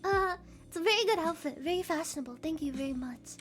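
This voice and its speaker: A woman's voice: very high voice, lively intonation, a little fast, pauses often, faint music behind. A woman streamer chatting casually to her live audience, giggling often, rambling and swearing freely.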